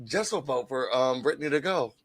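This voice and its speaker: A podcast co-host who chats playfully and acts out what others said. The voice swings widely in pitch. It sounds dry and close, with no room echo. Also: brisk. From New York. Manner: animated, playful, quotes others. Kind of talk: casual chat.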